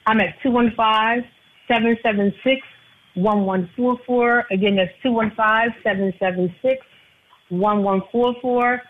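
A woman's voice: fairly high pitch, fairly even intonation, a little slow, a little hiss or hum. A woman, an insurance agent calling in as a guest, speaking earnestly and repeating herself. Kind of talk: casual radio talk. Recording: tinny phone line.

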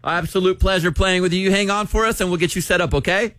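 A man's voice: high-pitched, steady tone, fast talker, fairly bright tone, dry recording. A man hosting a radio show, upbeat and joking, laughing often with callers and co-hosts. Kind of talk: lively morning radio banter. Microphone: studio microphone.

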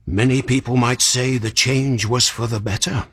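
An actor playing a kindly, fussy old magician in a radio drama, chatty and musing, sighing and yawning, with a breathy, husky voice. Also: male voice, mid-range voice, steady tone, normal speed, fairly bright tone. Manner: chatty and musing, with sighs and yawns.

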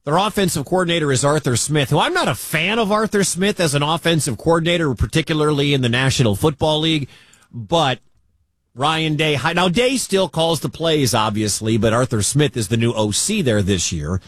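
A man's voice: a little high, a bit bright, no echo, studio quality. A man with a Midwestern accent hosting a sports talk radio show in a chatty, conversational way. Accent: Midwestern American. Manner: chatty, conversational, quick asides.

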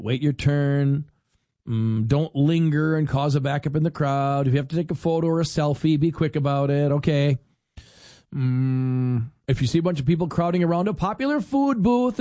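A middle-aged man talks his way through a casual talk-show monologue. He is wry and chatty, slipping into little acted-out scenes as he goes. His voice sits a touch high, and the sound is dry and close to the mic. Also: warm tone, no room sound. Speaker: radio host.

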